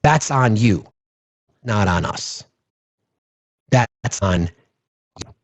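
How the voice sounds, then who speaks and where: A man's voice: fairly low pitch, expressive, extremely slow, gravelly, dry recording. Man ranting passionately on a call-in show. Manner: impassioned, profane, ranting. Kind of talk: political call-in talk. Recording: dull, lo-fi, dry.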